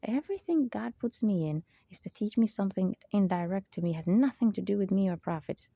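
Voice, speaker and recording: Her medium-pitched voice is gravelly and warm, with lively intonation and a slightly fast pace, and there's no room sound. As host of her own channel, she gives a rambling, emphatic spiritual talk full of digressions and repeated "there you go."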